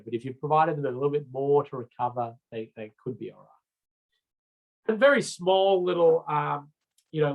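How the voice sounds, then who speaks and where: A man's voice: on the high side, poor audio. A man with an Australian accent giving a recorded road safety training lecture in a casual, chatty way, with many fillers and restarts.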